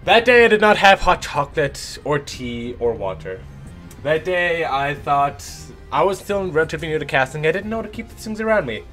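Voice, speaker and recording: A young man, an esports shoutcaster with a sore throat, telling a rambling, animated story between matches. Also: a little high, a little fast, soft background music. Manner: animated, rambling anecdote with lively voiced asides.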